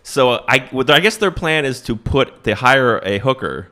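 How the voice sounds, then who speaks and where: A man's voice: mid-range voice, normal speed. A man, a comedian hosting a podcast, recapping an old movie in a rambling, joking way and acting out the characters' lines. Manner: rambling storyteller, restarts and animated put-on quotes. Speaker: stand-up comedian podcast host.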